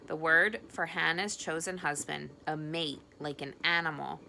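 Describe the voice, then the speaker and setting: A woman reading a novel aloud, expressive, with the occasional slip. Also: low voice, normal speed, vocal fry, a little hiss or hum. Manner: expressive, with small slips. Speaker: audiobook reader. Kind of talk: audiobook narration.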